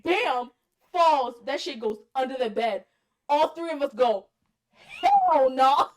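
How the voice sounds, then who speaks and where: Animated high-voiced woman telling a story. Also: normal speed. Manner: animated, laughs often while telling a story; swears casually. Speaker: podcast co-host. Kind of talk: casual chat, storytelling.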